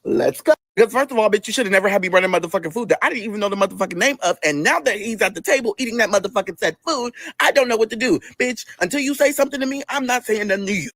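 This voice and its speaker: A man's voice: sits high, rapid-fire, hardly any pauses, a bit bright, no room sound. A man telling a comedic story in a sassy, profane, dramatic way. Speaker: storyteller host.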